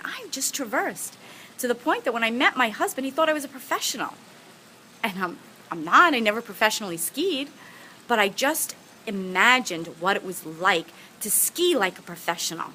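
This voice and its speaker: Bright, earnest woman telling a story. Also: on the high side, big pitch swings, a little fast, a little hiss or hum, low-quality recording. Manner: earnest, heartfelt, encouraging. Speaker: motivational speaker. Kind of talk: personal storytelling to camera.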